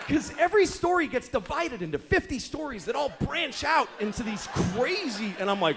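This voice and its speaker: A man's voice: very high voice, sing-song, normal speed, hardly any pauses, background noise. A man doing a stand-up comedy set, telling profane, exasperated stories and acting out other people in mock voices. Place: comedy club stage before a laughing audience. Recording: live club recording with crowd laughter.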